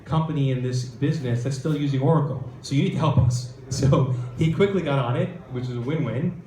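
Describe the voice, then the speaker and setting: A man giving a conference talk, telling an animated startup story and acting out the quoted voices. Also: medium pitch, fairly quick. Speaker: venture capitalist speaker. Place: event hall. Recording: roomy hall with faint ambience.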